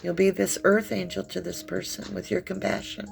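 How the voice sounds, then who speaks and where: Tearful gravelly-voiced woman reading tarot. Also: mid-range voice, flat delivery, soft background music. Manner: tearful, heartfelt, slow and soothing. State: crying. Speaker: tarot reader. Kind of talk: emotional tarot reading to camera.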